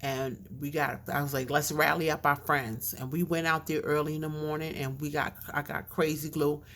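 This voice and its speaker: A woman's voice: deep voice, flat delivery, moderate pace, a little hiss or hum. A woman vlogger telling a casual story with lots of fillers and asides, her speech a bit mushy from a chain in her mouth.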